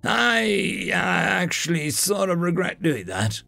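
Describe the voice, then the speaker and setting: A man's voice: fairly high pitch, wildly swooping pitch, slow, vocal fry, bright, forceful tone, no echo, soft background music, pitched above the performer's own voice, full character voice. A man voicing a smug, easygoing male human god with a laid-back sarcastic drawl. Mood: sheepish.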